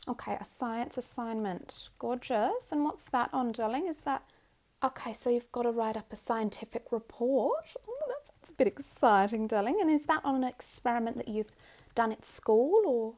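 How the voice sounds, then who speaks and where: A wealthy, fussing Australian mother, put on by a woman in a whispered role-play. She dotes and gushes, calling the listener darling at every turn, in a voice pitched a little high. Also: expressive, normal speed, a little mellow. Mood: gushing. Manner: gushing and fussy, calls the listener darling. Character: doting wealthy middle-aged Australian mother.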